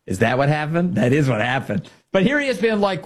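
A man hosting a political commentary show, mocking news clips in a sarcastic, animated way. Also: on the high side, fast.

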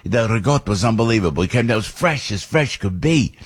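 Older guy hosting talk radio, low husky voice, all over the place and excitable. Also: a little fast. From New Jersey. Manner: animated, with big jumps up in pitch; rambling and nostalgic. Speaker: radio show host.

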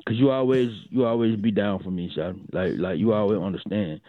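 A man's voice: fairly low pitch, a little fast, no echo. Drawling comic man on a tinny line. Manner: drawling, preachy, repeats "shawty" and "boy". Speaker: radio show comedian telling a bit. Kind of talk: comic radio monologue. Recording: tinny phone-like dry sound.

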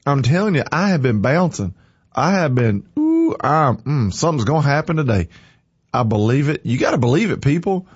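A man's voice: on the high side, big pitch swings, moderate pace, husky, dry recording, dull audio. A man hosting a morning show, chatting folksy and then preaching with energy. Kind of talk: casual chat turning to preaching.

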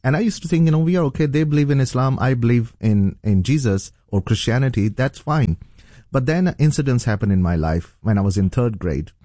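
A man's voice: mid-range voice, animated, a little fast, warm tone, no room sound, clean studio sound. A middle-aged man from Pakistan, a pastor telling his personal testimony earnestly, with frequent fillers and restarts. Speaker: pastor and guest.

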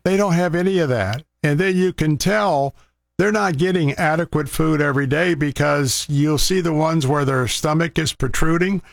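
Male faith-show host, earnest and rambling, slightly high voice, dry studio sound. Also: normal speed, vocal fry, no room sound. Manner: heartfelt, rambling with restarts and fillers. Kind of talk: earnest fundraising appeal.

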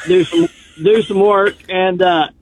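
A man's voice: high voice, steady tone, measured pace, a little hiss or hum. A man calling in to a radio show, telling a story in a folksy, drawling way. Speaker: radio caller. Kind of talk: casual phone-in storytelling. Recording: tinny dry phone line.

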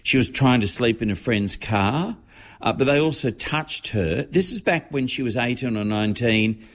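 A man's voice: medium pitch, expressive, moderate pace. A man chatting on radio as a regular entertainment correspondent, telling gossip stories. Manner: chatty, storytelling. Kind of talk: casual radio chat.

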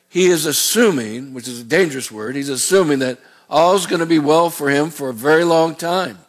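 A man's voice: fairly high pitch, fairly quick. A middle-aged man preaching a sermon as a pastor, in a conversational way with rambling asides.

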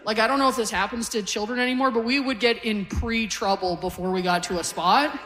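A woman's voice: a little high, fairly quick, a bit bright, long reverb tail. A woman in her forties from Canada doing a stand-up comedy set on stage, telling wry, conversational stories to a live crowd. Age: 40s. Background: audience laughter.

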